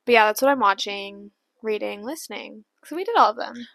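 A woman's voice: medium pitch, fairly quick, vocal fry, fairly bright tone, no echo. A young woman co-hosting a podcast from her bedroom, rambling casually and saying "like" constantly. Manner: rambling, heavy use of "like". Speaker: podcast co-host. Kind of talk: casual chat.

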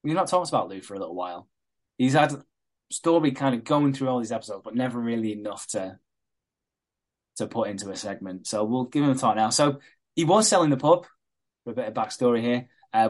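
A man's voice: medium pitch, fast talker. Sweary man recapping with gusto. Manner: animated retelling, swears a lot, laughs often. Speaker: podcast co-host recapping a soap. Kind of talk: casual sweary chat.

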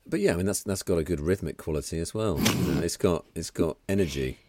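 Deep, deadpan man. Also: fast. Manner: dry, deadpan, sweary. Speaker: podcast co-host. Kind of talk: casual chat.

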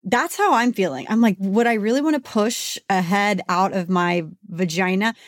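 A woman's voice: medium pitch, normal speed, no echo, studio quality. A woman co-hosting a podcast in a frank, joking casual chat. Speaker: podcast co-host.

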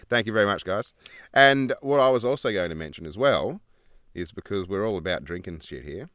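A man's voice: fairly low pitch, animated, a little fast, a bit bright, dry recording, studio quality. A man co-hosting a podcast in casual chat, joking and blunt, swearing casually. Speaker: podcast co-host.

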